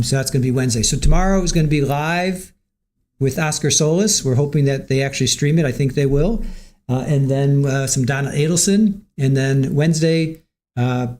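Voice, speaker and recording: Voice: medium pitch, a little mellow. A livestream host wrapping up a show, chatty and rambling with many fillers. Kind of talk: casual livestream chat.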